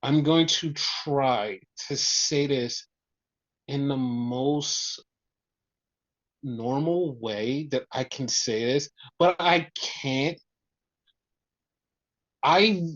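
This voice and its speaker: Man, podcast co-host, excited rambling, heavy swearing, dull lo-fi sound. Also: on the high side. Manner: excited, profane, repetitive storytelling. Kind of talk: casual wrestling review chat.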